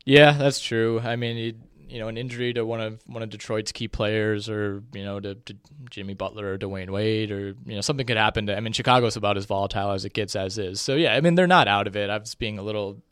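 A young man co-hosting a podcast, talking sports casually with quick jokes and asides. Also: on the low side, smooth, no room sound, studio quality. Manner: relaxed, joking, quick asides. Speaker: podcast co-host.

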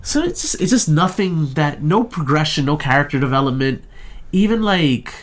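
A man's voice: fairly high pitch, sing-song. Rambling, profane young man recapping a movie. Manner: rambling, profane, acts out characters' lines in quick impressions. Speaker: podcast co-host reviewing a movie. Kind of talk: casual chat.

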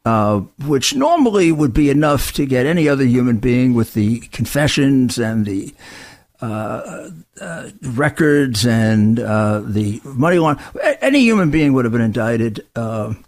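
A man co-hosting a political talk show, talking in quick, rambling runs full of restarts and asides. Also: mid-range voice, very animated, darkish tone. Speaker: co-host.

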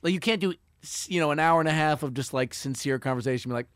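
A man's voice: fairly high pitch, clean tone, no room sound, clean studio sound. A man in his thirties chatting casually on a podcast, swearing often and laughing easily as he riffs. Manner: animated, swearing, quick laughs. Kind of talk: casual conversation.

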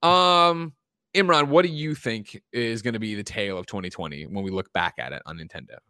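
A man hosting a casual gaming news podcast, talking in an animated way with frequent restarts and reading out listener letters. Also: lowish voice, fast, no room sound, studio quality. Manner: animated, restarts often, reads listener mail. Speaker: podcast host.

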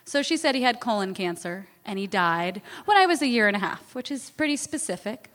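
A woman's voice: mid-range voice, very animated, fairly quick, a bit bright, big-room sound. A woman guest in an interview, candidly telling a personal story in a chatty, self-deprecating way.

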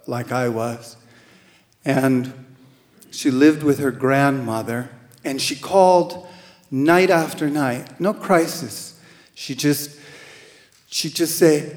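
A man at a middle pitch telling a true story live, gently and wryly, stumbling over a word now and then. He takes his time with every phrase. His voice rings with a long reverb off a large hall. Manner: slow, gentle and wry, with hesitant restarts. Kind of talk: live first-person storytelling on stage.

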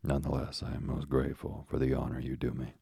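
An earnest, polite young sailor, as a man reads him with a very deep, flat voice. The tone is gravelly and husky, in a dry, close sound. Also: fast talker, dry recording, full character voice.

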